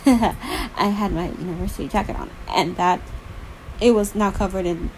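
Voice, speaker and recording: A woman's voice: mid-range voice, moderate pace, a little hiss or hum, low-quality recording. A young woman reading a novel aloud casually, breaking off with playful asides and laughs. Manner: chatty, laughs and asides between lines, playful. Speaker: reader. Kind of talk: casual novel read-along with commentary.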